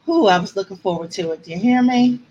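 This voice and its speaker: A woman's voice: medium pitch, fast, darkish tone, dull audio, slight background noise. A woman author chatting with her viewers on a livestream, answering comments and close to tears at times. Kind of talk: casual livestream chat.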